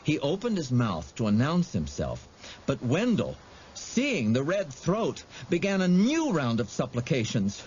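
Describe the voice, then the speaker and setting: A man narrating an audiobook with dramatic, expressive storytelling. He reads slowly, and his fairly high voice rises and falls a great deal. The recording is a little muffled, with faint noise underneath.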